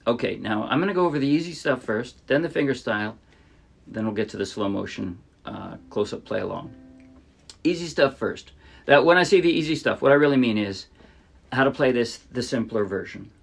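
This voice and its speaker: Gravelly-voiced man teaching ukulele. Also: mid-range voice, fairly quick. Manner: relaxed, explains with restarts and sung demos. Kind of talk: casual music tutorial. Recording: ukulele playing behind.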